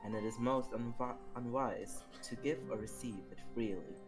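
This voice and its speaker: A woman's voice: very deep voice, fairly even intonation, normal speed, loud music behind the voice. A woman voicing a secretive, aloof male doctor. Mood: cryptic.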